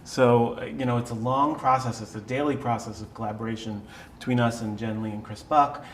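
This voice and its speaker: A male songwriter with a mid-range voice explains his work thoughtfully, pausing with fillers. He sounds set back from the mic in an echoing room. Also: medium pitch, fairly even intonation, a little hiss or hum. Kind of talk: interview answer. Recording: echoey and distant.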